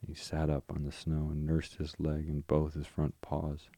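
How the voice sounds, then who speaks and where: A man reading a story aloud for sleep, calm and even. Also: rumbling low, moderate pace, hardly any pauses, no echo. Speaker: podcast host and reader. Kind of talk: slow bedtime story narration.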